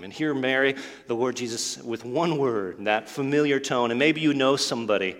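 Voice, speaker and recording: A man's voice: mid-range voice, lively intonation, moderate pace. A man preaching a sermon, telling the story earnestly and acting out the quoted lines. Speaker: pastor. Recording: long hall reverb.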